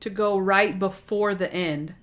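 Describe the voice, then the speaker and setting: A woman co-hosting a podcast, talking in an animated, rambling way with restarts and quoted asides. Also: medium pitch, a little slow. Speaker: podcast co-host. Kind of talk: casual chat.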